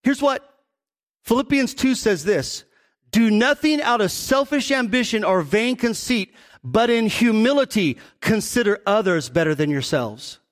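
Pastor for a sermon: a man, high voice, animated delivery with acted-out asides, long hall reverb. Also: measured pace. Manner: animated, acts out quoted voices, asks the congregation questions.

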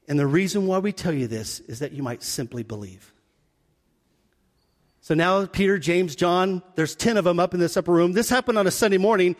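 A man's voice: high-pitched, in a large hall. A man preaching a sermon, acting out the scenes as he tells them. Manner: animated, acts out scenes with quick voice shifts. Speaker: pastor.

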